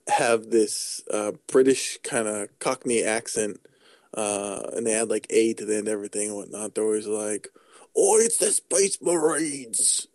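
A mellow, dark-toned man co-hosts a casual gaming chat. He rambles and jokes, stopping to restart and fill gaps. His voice sounds dry and close, with little room around it. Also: on the low side, dry recording. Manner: rambling, jokey, many fillers and restarts. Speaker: podcast co-host.

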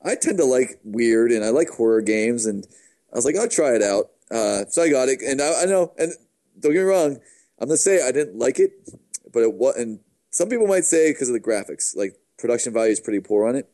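An easygoing man co-hosts a casual gaming chat, wandering through his thoughts and correcting himself as he goes. His voice is warm and mellow, with an unhurried flow. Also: medium pitch, big pitch swings. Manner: easygoing, meandering, self-correcting. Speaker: podcast co-host.

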